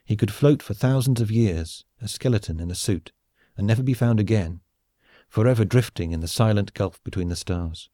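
A man narrating a comic science-fiction audiobook in a measured, wry storytelling manner. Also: on the low side, warm tone, no echo, clean studio sound. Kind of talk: scripted narration.

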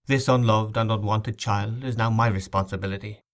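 A man's voice: on the low side, steady tone, moderate pace, close to an everyday voice. A man playing a stern, commanding young nobleman in a storybook reading, speaking curtly. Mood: firm. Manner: curt, commanding.

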